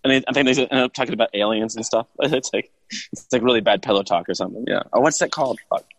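A young man chatting casually, relaxed and rambling, chuckling now and then. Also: medium pitch, fast talker, breathy edge, low-quality recording. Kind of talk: casual chat.

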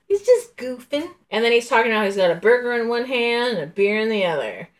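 Woman, podcast co-host, casual recap, laughs a lot, fairly high voice. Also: big pitch swings, fairly quick. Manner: laughs often, loose filler-heavy retelling.

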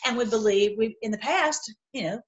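A woman hosting an online video, retelling a story in an animated, emphatic way, often restarting her sentences. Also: fairly high pitch, normal speed, muffled recording. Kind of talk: casual storytelling talk.

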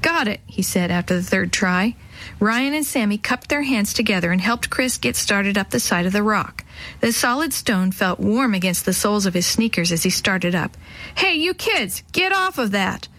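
A woman storyteller warmly reading a children's chapter book aloud, acting out the voices. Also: mid-range voice, normal speed, poor audio. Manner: warm, expressive reading, acts out voices.

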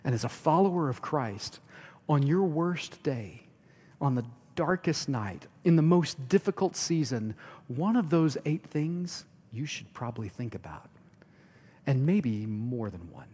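A man preaching a sermon as pastor, rising to loud emphatic lines and dropping to hushed near-whispers. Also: medium pitch, big pitch swings, measured pace, husky. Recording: long hall reverb.

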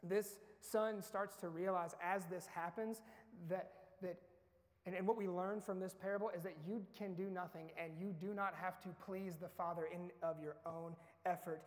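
A man's voice: sits high, fairly even intonation, moderate pace. A man preaching a sermon as the pastor, in an earnest, conversational way that tells the story vividly. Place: church sanctuary. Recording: long reverb of a large church hall.

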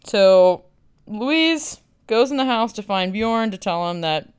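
A woman's voice: mid-range voice, expressive, takes it slowly, clean tone. A woman podcast host recapping a film in a blunt, sarcastic way, swearing freely.

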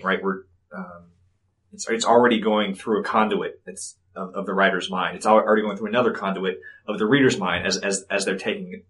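Low-voiced man teaching about writing. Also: fairly bright tone, poor audio. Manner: thoughtful, repeats words as he builds points. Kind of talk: panel discussion.

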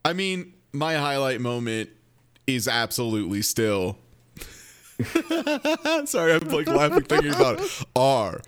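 A man's voice: medium pitch, sing-song, a little slow, pauses often, a bit bright, smooth. A man in a casual podcast chat, recounting favorite moments with giggly amusement.

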